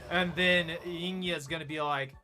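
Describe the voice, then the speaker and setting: A man narrates his game run with chatty, joking reactions. His voice sits high and sounds very bright and sharp. Faint music plays under him. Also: steady tone, a little slow. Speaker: gaming video creator. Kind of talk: let's play commentary.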